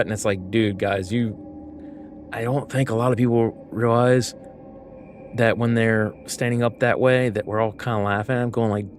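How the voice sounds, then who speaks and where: A man's voice: lowish voice, fairly even intonation, moderate pace, slight background noise. A man from the United States, a gaming streamer, chatting casually and rambling with lots of fillers while he plays. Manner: rambling, filler-heavy, easygoing.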